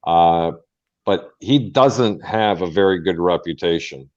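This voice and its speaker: A man hosting a sports talk show, telling an animated story and acting out the quotes. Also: low voice, measured pace. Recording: dull lo-fi sound.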